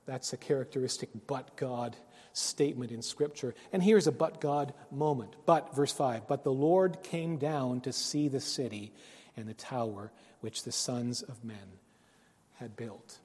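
A man preaching a sermon, earnest, rising to loud emphasis and dropping to hushed phrases. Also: medium pitch, a little slow, slightly rough. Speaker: pastor. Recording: long reverb of a hall.

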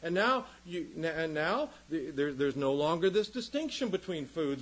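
Husky male pastor, lively pitch swings, fiery sermon style. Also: normal speed, few pauses, poor audio. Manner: impassioned, swings from loud emphasis to quiet. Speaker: preacher.

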